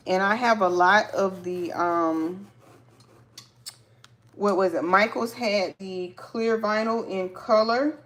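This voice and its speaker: Slow-talking chatty woman teaching sewing. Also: fairly low pitch, slight background noise. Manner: chatty, talks to viewers as "y'all", excited exclamations. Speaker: sewing tutorial host. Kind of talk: casual live sewing tutorial.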